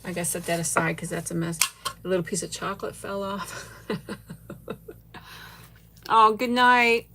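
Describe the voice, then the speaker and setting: Speaking at a normal speed with frequent pauses, this middle-aged livestream host has a lowish voice and a noisy background. She samples a sweet during casual live chat, giggling a lot and warmly thanking viewers by name.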